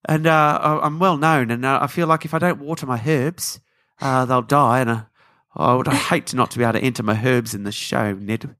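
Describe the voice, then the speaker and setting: A man's voice: mid-range voice, a little fast, hardly any pauses, a bit bright, voice pushed down, lightly acted. A man voicing a timid, polite male schoolteacher who pleads hesitantly. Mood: pleading. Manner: meek, rambling, hesitant.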